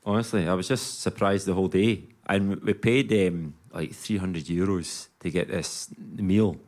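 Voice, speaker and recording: A man's voice: sits low, fairly even intonation, moderate pace, a little mellow. A Scottish man on a comedy panel telling a rambling family anecdote.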